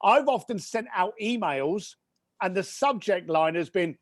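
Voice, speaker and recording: Enthusiastic British man, lively high voice. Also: measured pace, no room sound, clean studio sound. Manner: enthusiastic, emphatic, quirky. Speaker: guest. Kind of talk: conversational business advice.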